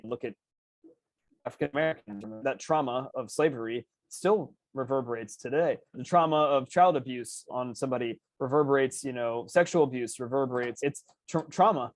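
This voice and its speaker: A man hosting a podcast in casual discussion, telling stories in an animated way. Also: mid-range voice, a little fast, no room sound. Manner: animated storyteller, acts out voices. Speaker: podcast host.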